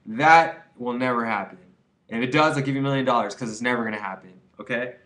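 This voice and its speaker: A man's voice: mid-range voice, racing, fairly bright tone. Rambling young man giving earnest advice. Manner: rambling, earnest, lots of fillers and "like". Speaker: vlogger. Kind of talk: casual to-camera advice monologue.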